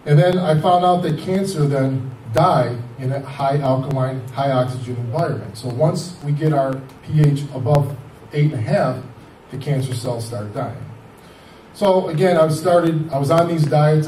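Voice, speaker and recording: A man's voice: on the high side, slight background noise. A man in his fifties telling his own cancer story in a rambling way, acting out the conversations he had. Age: 50s. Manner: rambling, animated retelling with quoted dialogue. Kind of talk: personal storytelling. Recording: echoey room, voice from far off.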